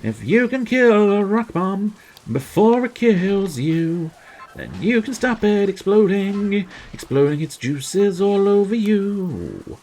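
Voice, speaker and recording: A man's voice: high voice, expressive, slow pace, darkish tone, faint music behind. A young man streaming a video game, chatting casually and breaking into silly made-up rhymes and jingles. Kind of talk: casual gameplay commentary.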